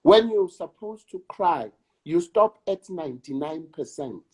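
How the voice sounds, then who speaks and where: A South African man, an actor and director, talking in an interview in a slow, emphatic way and repeating words for weight. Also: fairly high pitch, expressive, a little mellow, breathy edge. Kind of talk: reflective conversation.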